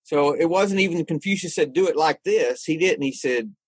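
A man hosting a casual online group discussion, relaxed and conversational, laughing easily. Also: fairly high pitch, normal speed, breathy edge, no echo. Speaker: host.

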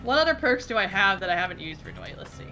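A woman's voice: mid-range voice, very animated, fast, over loud music. A woman streamer chatting casually from her home gaming room, rambling and poking fun at herself. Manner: rambling, self-deprecating.

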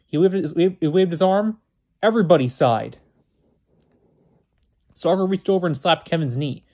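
A man reads a novel aloud in a plain, unpolished way. His voice sits a little higher than most men's. He often trips over words and goes back to restart them. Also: expressive, moderate pace, long pauses, a little mellow. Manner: plain reading with frequent slips and restarts. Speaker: reader.

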